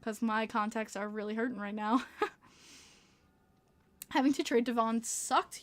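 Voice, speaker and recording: A woman with a Long Island New York accent hosts a casual livestream podcast, reading the live chat and talking with viewers while laughing often. Her voice is a little high and she takes it slowly.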